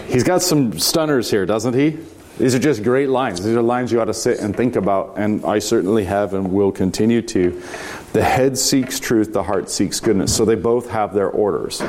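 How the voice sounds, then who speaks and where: Low-voiced man giving a reflective lecture. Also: a little mellow, a little hiss or hum. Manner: measured and reflective, with slow emphatic stretches; conversational, with fillers and restarts. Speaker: teacher leading a reading of a philosophy text. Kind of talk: informal lecture, reading passages aloud and commenting.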